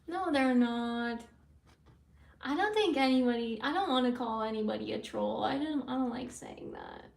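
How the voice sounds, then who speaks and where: High-voiced woman chatting on a livestream. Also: huge pitch swings, normal speed, vocal fry, distant mic. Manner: rambling, answers chat comments aloud. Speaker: live streamer. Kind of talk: casual livestream chat with viewers. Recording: roomy sound from away from the mic.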